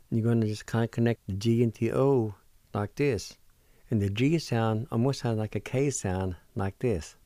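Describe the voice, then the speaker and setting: A middle-aged man hosting a radio language lesson, spelling words letter by letter and sounding out each syllable slowly and deliberately. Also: on the low side, warm tone, no echo. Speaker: radio language teacher, show host.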